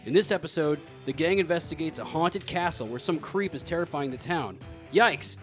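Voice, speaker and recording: A man's voice: on the high side, normal speed, music in the background, natural voice. A man playing an upbeat host of a kids' cartoon block, with a hammy announcer delivery. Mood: peppy.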